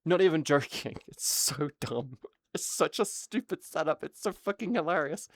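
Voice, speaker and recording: Excitable woman streamer. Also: deep voice, normal speed, no room sound, studio quality. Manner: excitable, swears a lot, laughs mid-sentence. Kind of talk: casual livestream storytelling.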